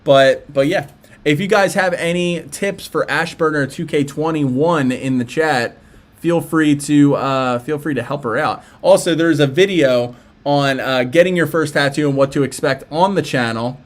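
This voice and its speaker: A man's voice: a little high, unhurried. A young man with a Philadelphia accent, chatting casually as a livestream host. He reads out viewer messages and answers them in a loose, rambling way, with lots of fillers and restarts. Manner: laid-back, rambling, with frequent fillers and restarts. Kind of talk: casual live-stream chat reacting to viewer messages.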